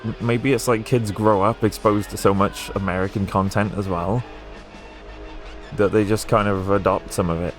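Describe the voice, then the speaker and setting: Low-voiced posh British streamer man. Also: steady tone, moderate pace, soft background music. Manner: rambling, chatty, with frequent fillers and laughs. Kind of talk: casual gameplay stream chat.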